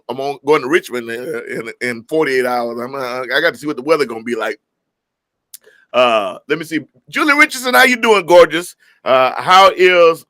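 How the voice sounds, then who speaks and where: A man's voice: fairly high pitch, bright, forceful tone, dry recording. A man from California hosting a live music stream, greeting viewers by name in a joking, folksy way. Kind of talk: casual live-stream chat reading viewer comments.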